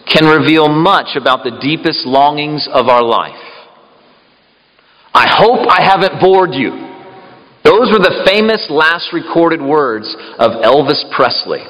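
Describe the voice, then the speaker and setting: A man's voice: on the high side, sharp tone. A man preaching a sermon, emphatic and asking the congregation questions. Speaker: pastor. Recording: long reverb in a hall.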